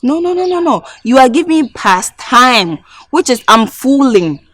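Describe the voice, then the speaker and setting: A woman's voice: high voice, big pitch swings, normal speed, a bit bright, dry recording. A woman with a Ghanaian English accent acting a comedy skit as a canteen cook, scolding and demanding in broken English.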